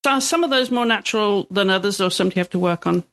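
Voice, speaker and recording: A woman's voice: medium pitch, very fast, fairly bright tone. A woman hosting an interview in an easygoing manner, with frequent ums and yeahs. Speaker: podcast host. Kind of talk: casual interview chat.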